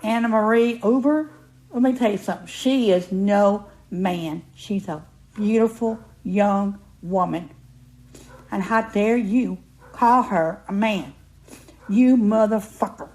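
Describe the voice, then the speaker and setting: A woman's voice: mid-range voice, slow pace, a little mellow, rough recording. An older woman making an indignant video, cussing out a critic.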